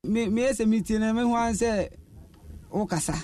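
A man's voice: high voice, a little fast, warm tone, dry recording. A Ghanaian man being interviewed as a radio listener, telling his stories animatedly and mixing in English words. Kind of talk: casual interview in Twi.

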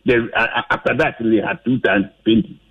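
A Ghanaian man with a husky voice, giving heated radio commentary, animated and firing off rhetorical questions. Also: mid-range voice, moderate pace. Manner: animated, rhetorical questions, mixing English and Twi. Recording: dull lo-fi radio audio.

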